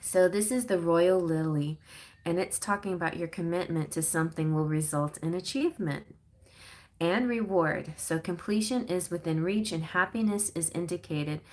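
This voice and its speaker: A woman's voice: fairly low pitch, moderate pace. A woman doing a casual live-stream tarot reading, reading card meanings aloud with chatty asides. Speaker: tarot reader.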